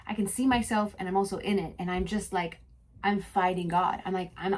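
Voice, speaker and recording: A young woman telling a deeply personal story on her podcast. Her voice is soft and introspective, and she sits at an everyday middle pitch. The delivery drifts between poetic narration and loose, chatty asides. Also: fairly even intonation, moderate pace. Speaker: podcast host. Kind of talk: mix of reflective spoken narration and casual chat.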